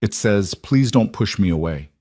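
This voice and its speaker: A man voicing a grieving father who speaks in a calm, firm and careful way. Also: fairly low pitch, moderate pace, no room sound, studio quality. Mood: gentle. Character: steady, gentle grieving father.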